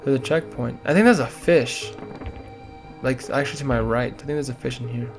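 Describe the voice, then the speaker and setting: A man's voice: mid-range voice, brisk. Young male gamer, rambling and weary, narrating his play with faint game music under him. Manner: rambling, chatty, frequent "like". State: tired. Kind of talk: casual gameplay commentary.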